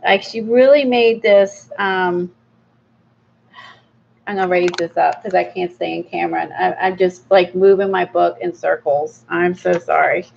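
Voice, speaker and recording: A woman's voice: on the low side, steady tone, a little slow, creaky, lo-fi sound, a little hiss or hum. A middle-aged woman hosting a casual vlog, chatty and rambling with many fillers and small laughs. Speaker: art channel host. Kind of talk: casual book review vlog.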